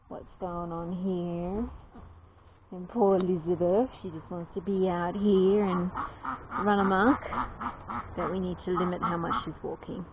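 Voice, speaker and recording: An Australian woman rambles unhurriedly about her ducks in a relaxed outdoor vlog. The sound is thin and tinny like a phone recording, with ducks and yard noise clearly behind her. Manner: chatty, coos to her ducks in a high baby voice. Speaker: duck keeper. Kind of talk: casual vlog narration to camera. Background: ducks quacking, outdoor noise.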